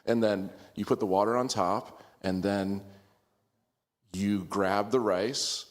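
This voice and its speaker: A middle-aged man with a lowish voice tells a self-mocking story to a class, chuckling between lines. His talk is loose and chatty, full of small restarts. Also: measured pace. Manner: self-deprecating, laughing as he talks. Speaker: class participant. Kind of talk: casual sharing in a group class.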